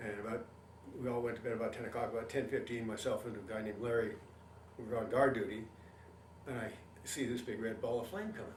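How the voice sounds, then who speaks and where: A man's voice: medium pitch, fast. Older man recounting war stories. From Canada. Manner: animated storytelling, acts out quoted voices. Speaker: veteran interviewee. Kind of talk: oral history interview. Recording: roomy, mic at a distance, faint hiss.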